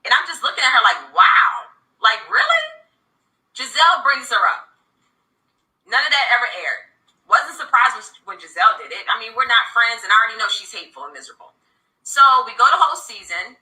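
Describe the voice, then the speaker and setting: A woman in her thirties tells her story in a candid interview, emphatic and indignant. Her voice is piercingly bright and sits a little high. The recording has a roomy echo. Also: lively intonation. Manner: emphatic, indignant, fast-talking. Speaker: reality TV cast member.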